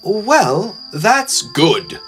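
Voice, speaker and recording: A small, eager young engine with a high, bright voice that jumps about, as a man reading a story puts him on. He talks loudly and earnestly in a storybook reading. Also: very animated, extremely slow, soft background music, full character voice.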